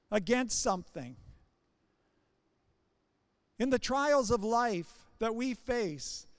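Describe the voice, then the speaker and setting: Male preacher, sermon, short repeated phrases, smooth clear voice, dry close sound. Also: very high-pitched, no echo.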